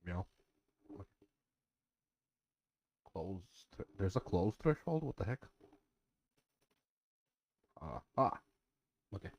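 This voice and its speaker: A man's voice: deep voice, sing-song, slow, pauses often, darkish tone, slightly rough. A man who makes gaming videos, muttering to himself with jokes and lots of fillers as he checks his mic and then reads a casual script.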